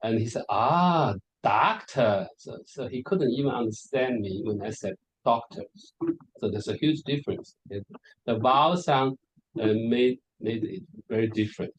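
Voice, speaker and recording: A man with a mid-range voice lectures to an audience at a conference. He speaks hesitantly, stopping to repeat words and filling the pauses with fillers. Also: mid-range voice, rough recording. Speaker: lecturer presenting on English varieties. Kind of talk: conference presentation.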